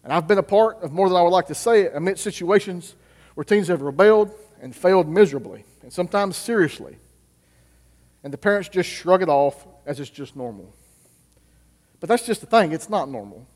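A man's voice: fairly high pitch, lively intonation, moderate pace, darkish tone. A man, a youth pastor, preaching a sermon and asking the congregation questions he then answers himself. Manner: asks the audience rhetorical questions and answers them. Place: church with reverberant hall. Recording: long reverb of a church hall.

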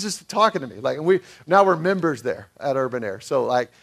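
A man's voice: medium pitch, very animated, fairly quick, vocal fry, a bit bright. A male pastor giving a sermon in a conversational way, asking the congregation questions.

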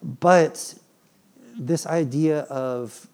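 A man in his thirties, a father, preaching a sermon in an animated, playful way and acting out his children's pleading. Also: medium pitch, a little slow. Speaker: pastor.

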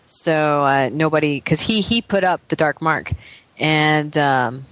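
A woman's voice: sits low, a little slow, a bit bright, no echo. A young woman co-hosting a casual book discussion, hesitant with many fillers and frequent laughter. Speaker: podcast co-host.

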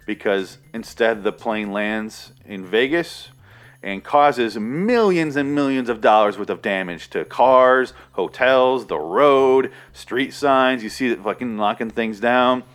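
A man's voice: medium pitch, slow pace, a bit bright. Rambling, swearing man reviewing a movie. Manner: rambling, sarcastic, swears a lot. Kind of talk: casual profane movie review.

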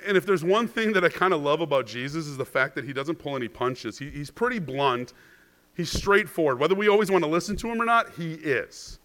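Bright-voiced man preaching conversationally. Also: a little high, lively intonation, brisk. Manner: chatty, asks the congregation "right?"; restarts words when stressing a point. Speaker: pastor. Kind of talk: conversational sermon.

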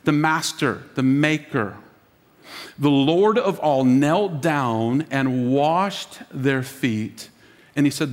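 A man preaching as lead pastor, dramatic, dropping to a hush for emphasis and acting out quoted voices. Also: mid-range voice, slow. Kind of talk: sermon. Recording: long reverb of a large hall.

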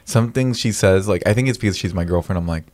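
A man chatting casually as a podcast guest, telling animated stories and acting out quoted lines. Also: sits low, quick pace. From San Diego area. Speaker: podcast guest, real estate agent. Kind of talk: casual chat.

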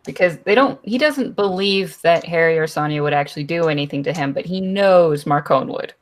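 A woman recapping a story in a relaxed book discussion, easy and unhurried. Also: deep voice.

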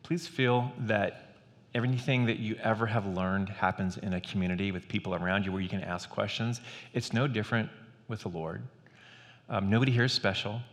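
A man's voice: fairly low pitch, steady tone, a little fast, a bit bright, long reverb tail. A man preaching a sermon as pastor, earnest in tone, reading scripture aloud with rising energy.

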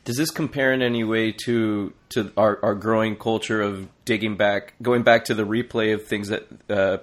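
A man's voice: on the low side, fairly even intonation, moderate pace. A man in casual podcast chat, hesitant and wry, reading posts aloud with many restarts.

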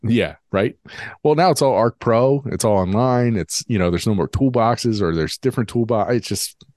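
A man's voice: lowish voice, moderate pace, dry recording. A man co-hosting a podcast, chatting casually and acting out both sides of an old argument. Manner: animated storyteller, acts out both sides of arguments. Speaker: podcast co-host. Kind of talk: casual chat.

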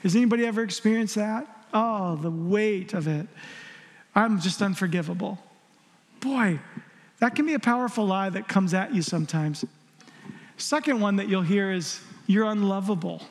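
A man with a strikingly high voice delivers a sermon as pastor. He talks earnestly and slips into the voices of people full of regret. The sound carries a long reverb from a church hall. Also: animated, normal speed.

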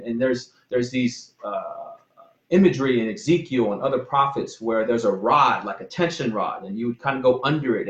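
A man's voice: mid-range voice, echoey room, low-quality recording. A man giving an informal, earnest sermon, rambling with restarts and apologies as he talks about faith and protection. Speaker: pastor.

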